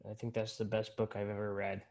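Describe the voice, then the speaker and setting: A man's voice: fairly low pitch, completely flat delivery, a little fast, a little mellow. A man who is a guest in a casual interview, giving easygoing and thoughtful answers.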